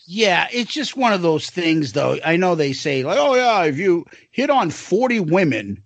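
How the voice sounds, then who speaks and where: A man's voice: high voice, very animated, measured pace, no echo. A man in his forties co-hosting a podcast, chatting crudely and swearing a lot, acting out lines in silly voices. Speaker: podcast co-host. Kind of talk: casual chat, crude and animated.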